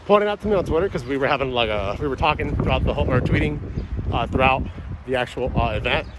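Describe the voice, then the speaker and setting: A man's voice: mid-range voice, fast, heavy background noise. A man giving a casual, rambling reaction review of a wrestling event, frank and often swearing. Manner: rambling, profane, frank opinions.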